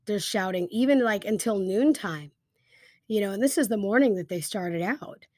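Woman, Bible lesson, casual storytelling, fillers, mid pitch, dry sound. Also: animated, moderate pace, a little mellow, no echo. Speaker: Bible teacher.

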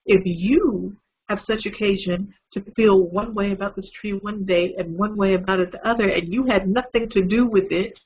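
A preacher speaking as God, a stern male voice lecturing through pointed questions. The pitch sits a little above his usual, and the recording is slightly dull with faint hiss. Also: fairly even intonation, normal speed. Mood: rebuking.

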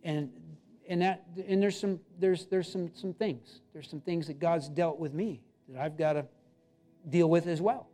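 A man's voice: a little high, a little slow, warm tone. A man preaching a sermon as pastor in a church, emphatic and pleading. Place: church sanctuary.

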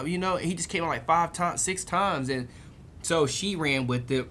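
A man's voice: on the high side, lively intonation, moderate pace, bright, forceful tone, a little hiss or hum. A young man hosting a casual chat, telling stories with lots of laughter and acted-out quotes. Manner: laughs often, acts out quotes with raised voice. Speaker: podcast host.

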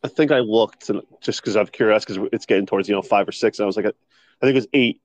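A man co-hosting a casual podcast, telling stories in an animated way and sharing strong opinions. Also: fairly low pitch, fast, lo-fi sound. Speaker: podcast co-host. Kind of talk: casual chat.

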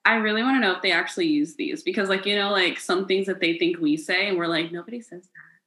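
A woman from the United States in casual chat, guessing words with quick, jokey humor. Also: fairly low pitch, a bit bright. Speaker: guesser in a word game. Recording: echoey room.

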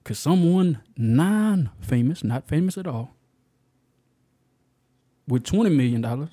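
A man's voice: on the high side, expressive, a little slow, dark tone. A man co-hosting a podcast, teasing the others and reading out questions. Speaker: podcast co-host. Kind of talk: casual chat.

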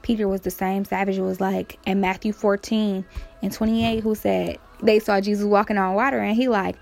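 A woman's voice: mid-range voice, flat delivery, moderate pace, gravelly, darkish tone, faint music behind. A woman casually retelling Bible stories in slang, acting out the quotes with playful energy.

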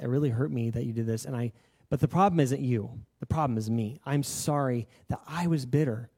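A young pastor with a medium-pitched, dark-toned voice preaches a sermon. He tells a personal story earnestly and confessionally, speaking conversationally with plenty of filler words.

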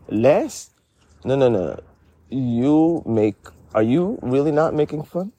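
A husky-voiced man plays the dry straight man in a comedy sketch. He delivers his lines with flat, deadpan calm, though his pitch still moves around noticeably. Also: measured pace. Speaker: comedy podcast co-host.

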